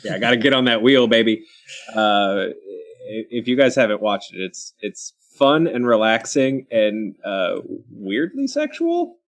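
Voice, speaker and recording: A man from Kentucky hosting a casual panel chat, talking in quick asides full of ums and restarts. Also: fairly low pitch, very animated. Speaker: show host.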